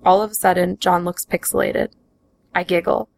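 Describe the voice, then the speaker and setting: Woman, memoir narration, gravelly fry in the voice, level delivery. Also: lowish voice, dry recording, low-quality recording. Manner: slow, even storytelling. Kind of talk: first-person memoir reading.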